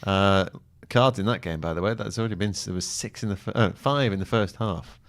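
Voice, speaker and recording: A man's voice: on the low side, fairly quick. A man co-hosting a live football show, chatting casually and reacting to the action as it happens. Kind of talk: live in-play football chat.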